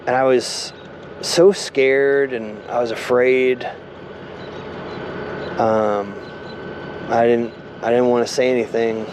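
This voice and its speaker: A man casually telling a story from his own life, halting and rambling, with many fillers. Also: medium pitch, level tone, background noise. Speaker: vlogger telling a personal story.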